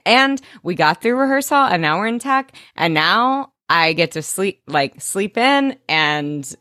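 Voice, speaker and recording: A woman's voice: mid-range voice, animated, sharp tone, no room sound, studio quality. A woman co-hosting a podcast in casual chat, talking with gushing enthusiasm. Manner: enthusiastic, gushing, quick agreement. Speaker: podcast co-host. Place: Chicago.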